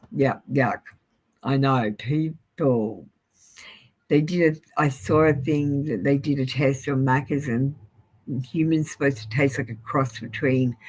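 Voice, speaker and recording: A woman's voice: low voice, husky, rough recording. A woman, giving live-stream tarot readings in an abrupt, sweary manner and often apologizing. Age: 40s. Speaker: tarot reader.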